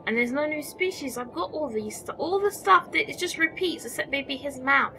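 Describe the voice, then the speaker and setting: A gameplay commentator with a high-pitched, sharp-toned voice speaks at normal speed with lively intonation. In her casual, chatty let's-play, she talks to the creatures, exclaims, and mutters as she plays, with music playing behind her voice.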